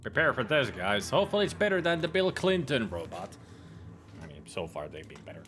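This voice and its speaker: Very animated and a little fast, a man doing gaming commentary reads the game's texts and long jokes out loud, poking fun at them casually and stumbling with fillers and slips. His medium-pitched voice has a fairly bright tone, over slight background noise.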